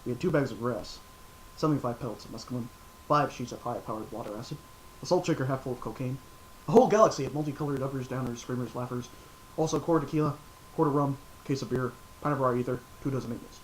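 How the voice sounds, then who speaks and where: A man doing a fast, low reckless journalist. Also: slight background noise, natural voice, poor audio. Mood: deadpan. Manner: fast, low, clipped listing.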